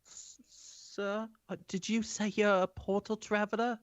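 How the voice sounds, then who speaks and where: A tiny, high, squeaky mouse-person voice that stammers and pleads politely. The voice sits far above his own and comes through dull and lo-fi. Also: little pitch movement, measured pace, dry recording. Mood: pleading.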